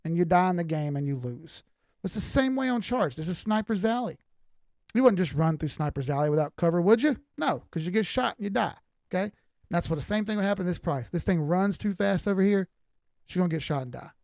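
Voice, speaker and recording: A man's voice: high-pitched, expressive, a little fast, darkish tone, no room sound. Southern US man, middle-aged, raised voice, dry close sound, blunt folksy chart talk. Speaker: crypto chart analyst. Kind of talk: live-stream chart commentary.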